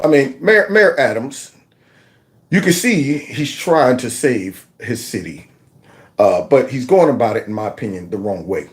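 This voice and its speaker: A man talks through his commentary vlog in a fairly high, lively voice. He mocks and scolds with plenty of energy, laughing often. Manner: mocking, animated, laughs often, breaks into sung lines. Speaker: political commentary host.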